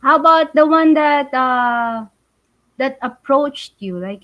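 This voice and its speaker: A woman hosting a casual interview, asking halting questions full of fillers. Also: sits high, highs cut off. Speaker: interviewer, show host.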